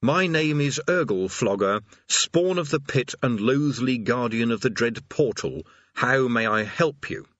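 A man voicing a weary, put-upon male demon who guards hell's door, rasping and mournful as he recites a cheery customer-service script. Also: medium pitch, lively intonation, unhurried, few pauses, a bit bright, no room sound, highs cut off. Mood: reciting stiffly.

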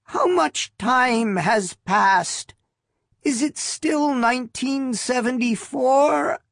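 A man's voice: very high-pitched, very slow, vocal fry, a bit bright, dry recording, clean studio sound, pitched above the performer's own voice, exaggerated voice. A man putting on a frail, pleading old woman. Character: frail elderly woman buried underground, pleading.

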